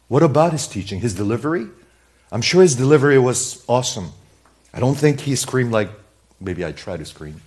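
Pastor preaching with emphatic swings. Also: male voice, on the low side. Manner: dynamic swings between soft asides and loud emphatic bursts; repeats key words for emphasis. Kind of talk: sermon.

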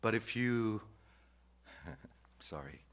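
A male pastor preaching a sermon, repeating key phrases and swinging between loud declarations and quiet asides. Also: lowish voice, lively intonation, drawn-out words.

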